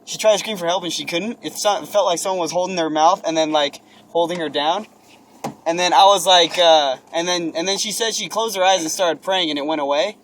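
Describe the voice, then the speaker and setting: Brief: young man, high voice, lively storyteller, wind noise on the mic. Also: a little fast. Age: young adult. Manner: animated storytelling, swearing, acting out his own yells. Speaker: friend telling a story. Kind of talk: casual chat.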